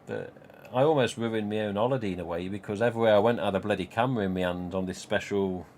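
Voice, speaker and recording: Man, middle-aged, lowish voice, casual rambling anecdotes, swears a lot, live stream host. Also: fast talker, a little mellow, a little hiss or hum. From Nottingham, England. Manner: rambling, swears freely, laughs at own jokes. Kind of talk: casual storytelling chat.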